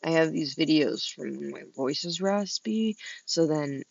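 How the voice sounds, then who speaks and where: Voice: medium pitch, unhurried, vocal fry, no echo, muffled recording. A vlogger talking to themselves outdoors in a meandering, chatty monologue, laughing between thoughts. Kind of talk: rambling casual monologue to camera. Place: outdoors, about to go inside.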